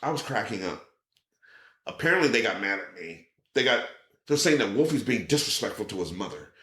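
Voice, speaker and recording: A man's voice: fairly low pitch, sing-song, fairly quick, sharp tone. A man telling stories as a podcast guest. He acts out other people's lines and swears casually. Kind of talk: casual storytelling. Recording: roomy echo.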